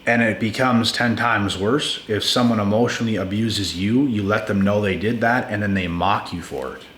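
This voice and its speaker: A man with a fairly low voice speaks bluntly and with emphasis, hammering points home by repeating words. He addresses his listeners casually, like friends. The room is echoey, with a faint hum of ambience behind him. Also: normal speed, fairly bright tone. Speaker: channel host giving relationship advice. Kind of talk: casual advice monologue.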